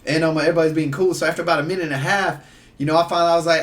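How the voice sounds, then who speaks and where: A man with a fairly high voice tells stories over casual chat, throwing himself into the voices of the people he quotes. He sits a little back from the mic, so his voice sounds somewhat distant. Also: rapid-fire. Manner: animated, laughing storyteller who acts out voices. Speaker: podcast guest. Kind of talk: casual storytelling.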